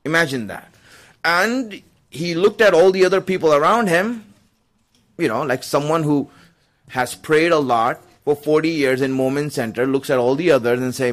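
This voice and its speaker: Conversational preacher man with a fairly high voice. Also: normal speed. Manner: conversational, fillers, chuckles while telling. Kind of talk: storytelling sermon.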